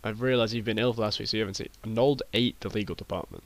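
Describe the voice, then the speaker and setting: British man, young, deadpan rambling storyteller, dry close sound. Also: fairly low pitch, fast talker, dry recording. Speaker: podcast co-host. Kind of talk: improvised comedy chat.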